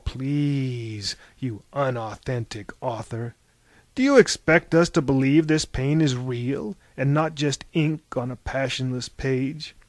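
A man's voice: on the high side, a little mellow, no room sound. A man voicing a scornful male narrator who mocks the author, in a sneering, theatrical manner.

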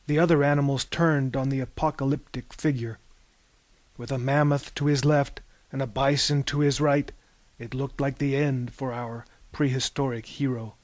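Slow deadpan male storyteller. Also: a little high, no echo. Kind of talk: scripted narration.

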